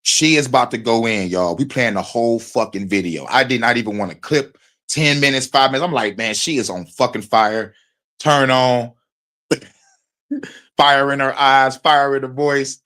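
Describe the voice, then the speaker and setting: A man streams his reaction to a video, talking over it in a loose, rambling way. He swears constantly and works himself up as he goes. His voice sits at an everyday middle pitch. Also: moderate pace, bright, forceful tone. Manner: profane, heated, rambling. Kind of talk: casual reaction commentary.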